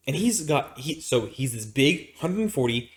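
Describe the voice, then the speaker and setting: A man's voice: mid-range voice, big pitch swings, measured pace. A man co-hosting a podcast, from Arizona, telling a long story in a casual, rambling way with many restarts and fillers. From Arizona, United States. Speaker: podcast co-host.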